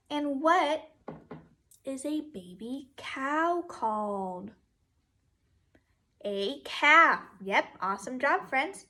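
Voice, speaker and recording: A young woman teacher with a high, bright voice reads a picture book aloud to small children. She takes her time, drawing out each line in a sing-song way. She breaks into playful animal and tractor sounds between questions.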